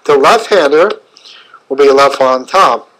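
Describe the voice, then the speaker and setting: A middle-aged man giving an unscripted webinar lecture as a chiropractor, speaking in halting, fragmented phrases with frequent fillers. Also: mid-range voice, a bit bright, poor audio.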